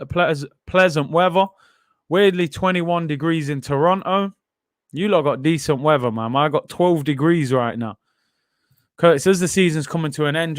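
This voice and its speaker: A man's voice: fairly high pitch, no room sound, clean studio sound. A man hosting a football watchalong stream, chatting casually, using slang and reading out viewer comments.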